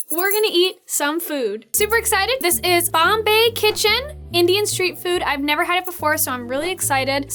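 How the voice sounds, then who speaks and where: A young woman hosting a casual food tasting vlog, bubbly and chatty, full of excited fillers. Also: extremely high pitch. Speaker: host.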